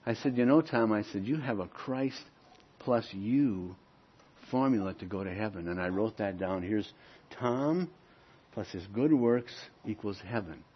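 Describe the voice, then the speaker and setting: A man preaching a sermon, moving between loud, emphatic points and quieter storytelling. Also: lowish voice, measured pace, breathy edge, dull audio. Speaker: pastor.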